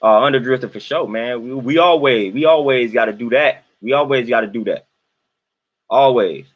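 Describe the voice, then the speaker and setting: A man's voice: mid-range voice, normal speed, muffled recording. A young adult man, casually talking to his livestream chat, colloquial and repeating himself for emphasis. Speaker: livestream host reading chat.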